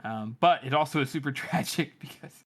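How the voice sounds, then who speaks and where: Male co-host, medium pitch, loose and rambling, casual book chat. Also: fairly quick, a bit bright, husky. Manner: rambling, lots of likes and ums. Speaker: podcast co-host.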